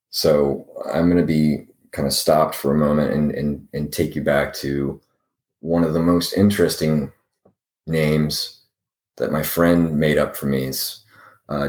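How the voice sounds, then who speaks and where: A man telling personal stories in a casual, rambling way, halting often and repeating words as he searches for them, with wry self-deprecating humor. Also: very deep voice, a little mellow. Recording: roomy echo.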